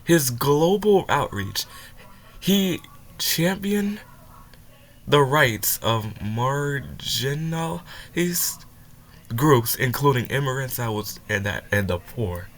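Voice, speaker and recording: A man's voice: mid-range voice, lively intonation, takes it slowly, a bit bright, slight background noise. A young man reacting to a clip, heated and swearing, stumbling over his words and sounding upset after crying. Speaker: reaction video host. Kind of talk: reaction commentary.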